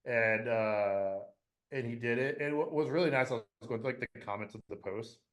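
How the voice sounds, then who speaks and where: A young man from Michigan hosting a casual podcast, talking in a rambling, excitable way full of fillers. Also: medium pitch, normal speed. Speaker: podcast host.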